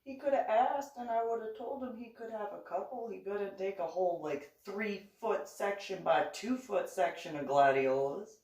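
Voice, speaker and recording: A woman vlogger telling a story in a casual monologue, indignant and animated, acting out the dialogue. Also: mid-range voice, moderate pace, hardly any pauses. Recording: roomy echo, voice far from the mic.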